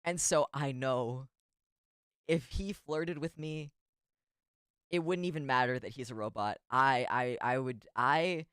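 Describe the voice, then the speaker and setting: Male vtuber, giggly rambling chat, smooth clear voice, dry close sound. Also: medium pitch, unhurried, a bit bright, no echo. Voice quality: rambling, giggly, self-deprecating. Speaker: VTuber streamer. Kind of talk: casual stream chat.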